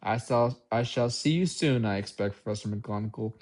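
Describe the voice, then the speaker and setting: A man reading a calm old wizard. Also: fairly low pitch, normal speed, lightly acted. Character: old wise male wizard, calm and wry.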